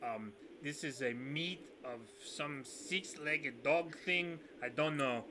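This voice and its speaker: A man's voice: on the high side, slow pace, background noise. A man voicing a jovial big fat innkeeper who speaks broken English in a shifting foreign accent, boastful and coaxing.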